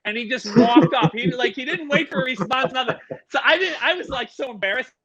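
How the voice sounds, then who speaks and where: A man, a podcast guest who works with animals, telling a story in an animated way and swearing freely. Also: extremely high pitch, a little fast, muffled recording, over a noisy crowd.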